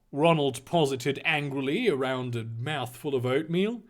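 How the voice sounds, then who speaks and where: A man's voice: mid-range voice, very animated, moderate pace, hardly any pauses. Profane, rambling man reading aloud. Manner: profane, rambling, laughing asides. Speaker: comedic reader. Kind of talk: comedic reading with live asides.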